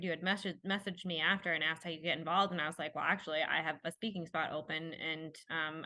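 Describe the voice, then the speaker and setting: A woman with a bright, crisp tone and a slightly low pitch speaks as an event organizer on a talk show. She sounds upbeat and lays out details step by step, using frequent fillers. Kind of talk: casual talk show conversation.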